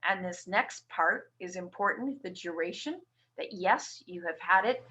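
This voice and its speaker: A woman's voice: lowish voice, unhurried, bright, forceful tone. A woman nurse from Canada presenting a webinar, explaining a tax form step by step to patients. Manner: explanatory, walks through form slide by slide.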